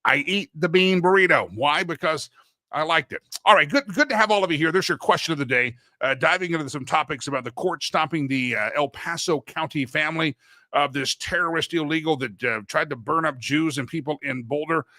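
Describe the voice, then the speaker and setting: A slightly high, brisk male voice with a bright, forceful tone belongs to a middle-aged talk show host. He rambles through anecdotes in a casual monologue and frequently corrects himself partway through sentences. The studio-quality recording has no echo.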